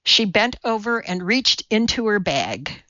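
A woman narrating an audiobook in measured, even storytelling. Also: medium pitch, dry recording, muffled recording. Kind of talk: scripted narration.

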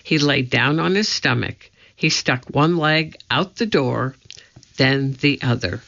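A man narrating a children's storybook in a measured, suspenseful way. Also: medium pitch, gravelly, bright, forceful tone. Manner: slow, measured, suspenseful reading. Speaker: audiobook narrator. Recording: dull lo-fi recording.

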